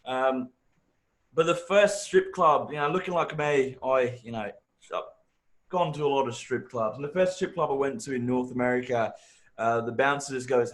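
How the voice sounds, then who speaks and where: A man's voice: medium pitch, moderate pace. A man with a mixed English and Australian accent doing a brash, profane stand-up set. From born in England, raised partly in Africa and Australia. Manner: brash, profane, animated storytelling. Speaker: stand-up comedian.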